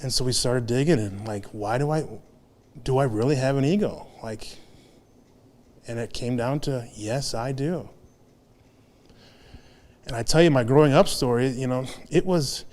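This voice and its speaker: A man's voice: mid-range voice, darkish tone. Candid man in his thirties confessing. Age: 30s. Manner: candid, confessional, halting with restarts. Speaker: guest speaker. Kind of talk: personal testimony talk.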